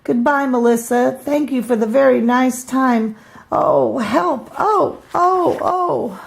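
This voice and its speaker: A grandma voicing a timid little country mouse. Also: female voice, high-pitched, fairly even intonation, moderate pace, vocal fry. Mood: frightened. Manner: gentle, easily frightened. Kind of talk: storybook read-aloud.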